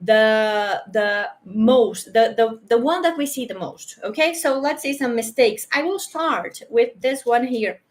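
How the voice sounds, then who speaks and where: A Brazilian woman, a native Portuguese speaker with a Brazilian Portuguese accent, teaches English pronunciation online in a chatty, slow, repetitive way, often checking in with "okay?". Her voice sits on the high side with lively intonation. She uses a handheld or clip mic that sometimes drifts away.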